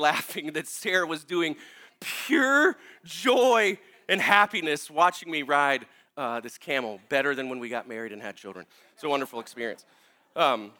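A male pastor preaching a sermon in a casual, animated way, laughing as he tells a story and talking with many fillers. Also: a little high.

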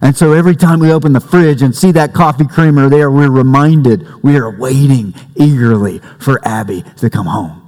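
A man preaching a sermon as pastor, conversational and warm-humored, with family stories. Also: medium pitch, moderate pace, few pauses. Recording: long reverb in a church hall.

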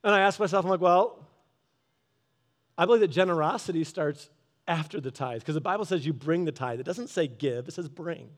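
A man giving a casual devotional talk, telling a story in a lively way and acting out both sides of an argument. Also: fairly high pitch, fairly quick. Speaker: Christian speaker. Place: garage office.

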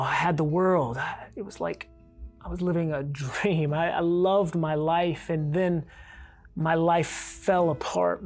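Guy preaching a sermon, gravelly voice, earnest then fired up, soft music under it. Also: fairly high pitch. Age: adult. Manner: earnest preaching, rising to fervent calls. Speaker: pastor.

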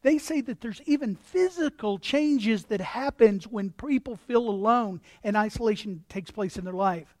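A man preaching a sermon as pastor, animated, acting out voices and repeating words as he builds his points. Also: high voice, normal speed, hardly any pauses, no room sound, studio quality.

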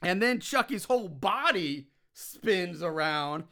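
Bright-voiced man recapping a movie. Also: sits high, slow. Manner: animated, swears when worked up. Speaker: podcast co-host recapping a film. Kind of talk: casual chat.

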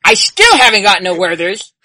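A woman playing her character at a tabletop game, quick and defensive as she argues. Her voice swings widely in pitch and has a bright, forceful edge, recorded dry and close. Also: very animated, no room sound, poor audio.

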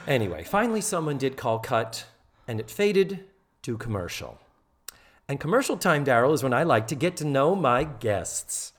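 Animated, chatty male podcast host. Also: mid-range voice, normal speed. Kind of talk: casual chat recapping a TV episode.

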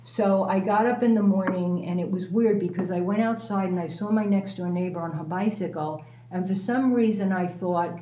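A woman's voice: mid-range voice, moderate pace, hardly any pauses, slight background noise. This is a woman guest telling a personal story frankly and with self-mocking humor. She swears easily and speaks in an ordinary mid-range voice. The room gives a noticeable echo. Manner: candid, self-mocking, animated, swears freely.

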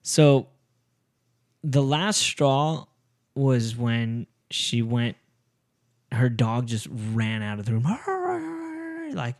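Man, podcast host, mid-pitched voice, rambling casual storytelling, frequent swearing. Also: fairly even intonation, takes it slowly, pauses often, no echo, studio quality. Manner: rambling, restarts, swears often.

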